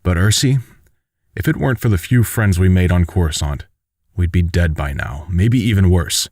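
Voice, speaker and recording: A man voicing a remorseful, condemned father who speaks softly and with regret in a fan-made audiobook. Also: low voice, lively intonation, normal speed, dry recording, studio quality. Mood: regretful. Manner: soft and regretful. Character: remorseful imprisoned father, older man facing death.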